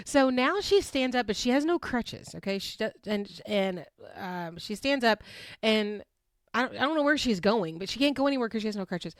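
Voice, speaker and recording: A woman's voice: a little high, normal speed, no room sound, studio quality. A young woman hosting a casual recap, telling the story with frequent laughter and acting out the quotes. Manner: animated, laughs often, acts out quotes. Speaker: podcast host recapping a reality show.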